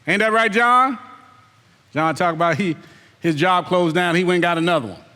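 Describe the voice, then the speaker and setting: His voice sits high, bright and forceful, carrying a big-room sound as the elder preaches at a moderate pace. He repeats himself emphatically, peppers the congregation with rhetorical questions, and imitates lazy excuses in put-on voices.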